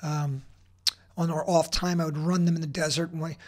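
A man's voice: on the high side, level tone, normal speed, a little mellow. A man in his forties, a podcast guest, telling personal stories in an intense, blunt way, swearing freely and often restarting his sentences. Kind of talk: emotional personal storytelling.

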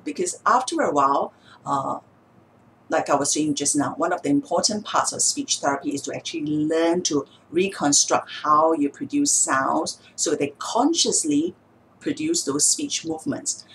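A woman's voice: deep voice, slight background noise, low-quality recording. A woman speech therapist explaining techniques to viewers patiently, step by step with examples. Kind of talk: explanatory video talk.

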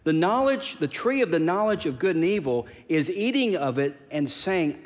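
A man's voice: fairly high pitch, big pitch swings, moderate pace, few pauses, in a large hall. A pastor preaching a sermon, emphatic and repeating his key phrases. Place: church sanctuary.

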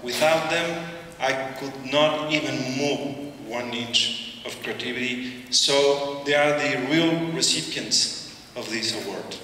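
A middle-aged man with a Mexican Spanish accent gives a halting acceptance speech with joking asides, often repeating his words. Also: medium pitch, sharp tone, a little hiss or hum. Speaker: award recipient giving an acceptance speech. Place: large hall at an awards ceremony. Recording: echoey hall, voice from far off.

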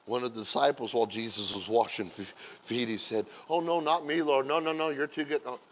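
A man preaching as a pastor, acting out everyday scenes in playful quoted voices and building from quiet asides to loud, drawn-out exclamations. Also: mid-range voice, fairly even intonation. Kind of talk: sermon.

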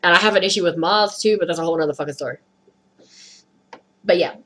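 A woman's voice: on the low side, quick pace, poor audio. A woman vlogger ranting through a storytime with heavy swearing, upset and rattled. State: upset, skin crawling. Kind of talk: storytime rant.

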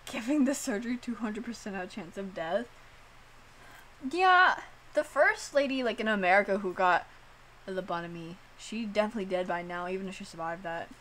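A woman streamer chatting casually, animated and swearing, filling her talk with "like.". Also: mid-range voice, normal speed, slight background noise. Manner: animated, swearing, heavy use of "like".

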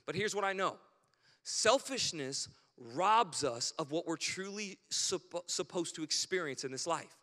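A man's voice: on the high side, expressive, unhurried, sharp tone. A male pastor preaching a sermon in a casual, conversational way, often checking in with the congregation. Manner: conversational, keeps checking in with "right?". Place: church sanctuary. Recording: long church hall reverb.

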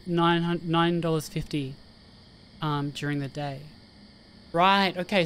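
A woman's voice: lowish voice, a little hiss or hum. Chatty woman narrating her gameplay. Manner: chatty, thinks aloud, hums to herself. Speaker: gaming streamer. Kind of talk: casual let's-play commentary. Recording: faint game music behind.

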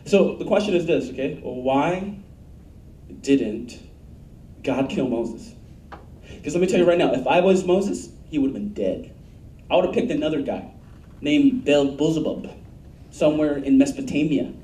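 Blunt, emphatic preacher in an echoey church. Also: male voice, a little high, moderate pace, pauses often, warm tone, recorded from a distance. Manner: blunt, emphatic preaching with asked-for audience answers. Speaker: pastor. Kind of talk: sermon.

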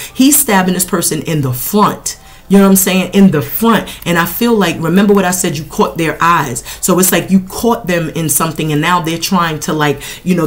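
A middle-aged woman giving a casual tarot reading in a blunt, animated, profane way. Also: on the low side. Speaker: tarot reader.

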